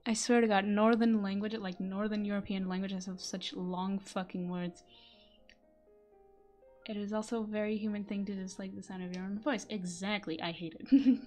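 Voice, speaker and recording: A woman voice actor chatting casually on a live stream in accented English, giggling and self-deprecating, recorded on a quiet desk mic. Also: mid-range voice, fairly even intonation, normal speed, faint music behind. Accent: non-native English accent.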